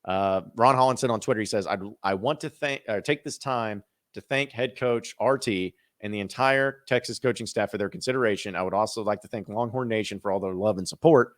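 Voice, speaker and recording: A man hosts a sports podcast in a casual, animated way, slipping into quick imitations of fans and circling back to restart his thoughts. His voice sits a bit low. The sound is dry and close to the mic. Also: no room sound. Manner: animated, acts out fans' reactions; repeats and restarts phrases. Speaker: podcast host.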